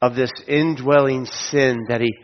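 A man preaching a sermon in an auditorium, telling a story with humorous asides and slowing down for emphasis. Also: medium pitch, fairly even intonation. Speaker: pastor. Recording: dull lo-fi sound with long hall reverb.

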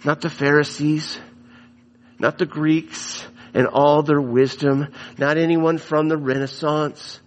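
Emphatic slow preacher in a reverberant hall. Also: male voice, a little high, flat delivery. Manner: emphatic, repeats phrases for stress. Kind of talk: sermon.

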